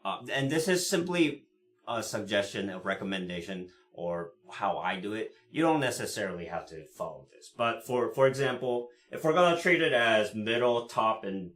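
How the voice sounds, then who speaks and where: A man teaching cello in a live lesson, explaining in a relaxed way with many fillers and frequent "right?" checks, pausing to play the instrument. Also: fairly low pitch. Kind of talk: live online music lesson. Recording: roomy sound with cello playing. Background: cello playing between phrases.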